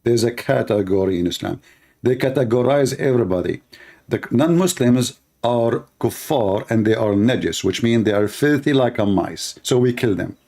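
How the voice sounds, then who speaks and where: A man's voice: medium pitch, expressive, normal speed, darkish tone. A man hosting a show, giving sarcastic, teasing commentary in non-native English. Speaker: host. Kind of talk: mocking commentary on a clip.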